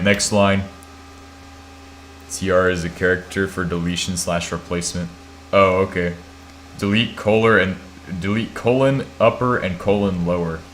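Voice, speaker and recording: A man's voice: low voice, a bit bright, a little hiss or hum. A sleepy American man on a live stream, thinking aloud as he types commands, swearing now and then and poking fun at himself. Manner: thinks aloud while typing, swears, self-mocking. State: half asleep. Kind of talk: casual live-stream chat.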